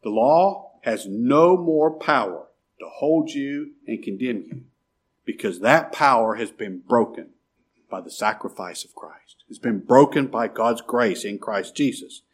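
A man preaching a sermon as pastor, asking rhetorical questions and dropping suddenly to a quiet murmur. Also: medium pitch, animated, measured pace.

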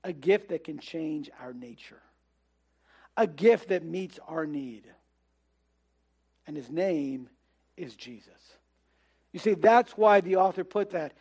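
A man preaching a sermon in a relaxed, conversational way, dropping to a soft hush on his key words. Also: a little high, unhurried, slightly rough. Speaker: pastor.

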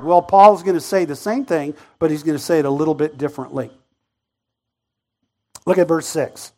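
High-voiced man preaching a sermon. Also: normal speed, long pauses, a little mellow. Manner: conversational, rising to impassioned pleading. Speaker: pastor.

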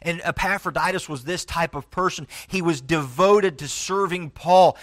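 A middle-aged pastor delivers a sermon in a fairly high voice. He speaks earnestly, with frequent halting restarts. He sinks low and soft on his key points.

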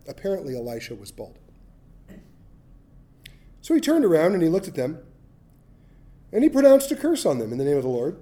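A man's voice: on the high side, big pitch swings, normal speed, long pauses, mellow. A middle-aged man preaching a sermon, telling a Bible story with humor and acting out voices. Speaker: pastor.

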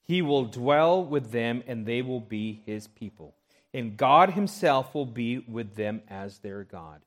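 A man's voice: medium pitch, expressive, slow. A man preaching a sermon, reading scripture aloud and often checking in with the congregation. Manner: expository preaching, checks in with "right?"; reads scripture aloud with rising emphasis. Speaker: pastor.

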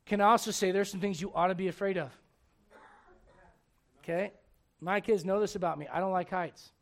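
A man in his forties preaching a sermon. He moves from loud urging to quiet confiding. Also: sits high, fairly even intonation, a little fast. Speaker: pastor.

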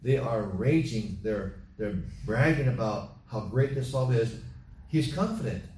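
A man's voice: medium pitch, animated, measured pace, darkish tone, recorded from a distance, slight background noise. A man preaching a sermon, repeating his points and acting out bits of party chatter. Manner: repetitive, emphatic exhortation with acted-out party chatter. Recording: roomy echo from off mic with faint ambience.

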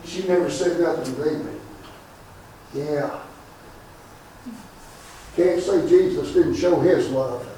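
Guy preaching a funeral, high voice, loud and fervent, booming echo from far off. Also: slight background noise. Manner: loud, fervent, drawn-out preaching with rising shouts. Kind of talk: funeral sermon. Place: church or funeral hall. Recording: echoey room from far off.

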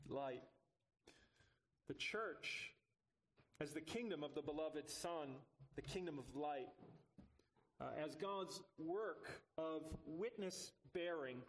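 A man preaching a sermon as pastor, earnest with touches of light humor, building to emphatic rises on key phrases. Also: fairly high pitch.

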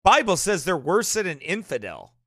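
A man's voice: high voice, wildly swooping pitch, moderate pace, fairly bright tone, no echo, clean studio sound. A man, a street preacher, preaching in a confrontational way, insistent, repetitive and sarcastic.

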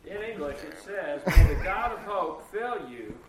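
A man's voice: high-pitched, very animated, a little slow, crowd noise, rough recording. A man in the congregation reading a Bible verse and answering the preacher, a little apologetic.

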